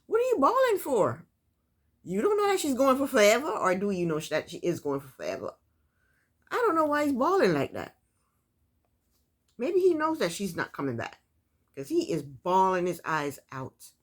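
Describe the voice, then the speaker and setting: A woman's voice: medium pitch, wildly swooping pitch, normal speed, pauses often. A woman recapping a reality TV episode in casual, opinionated commentary, talking straight to her viewers. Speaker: TV recap vlogger.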